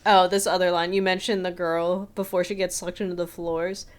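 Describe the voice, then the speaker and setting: A woman with a fairly low voice chats about a film on a podcast. She laughs a lot and quotes lines in a flat, deadpan way. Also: fairly quick. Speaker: podcast co-host. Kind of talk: casual film discussion.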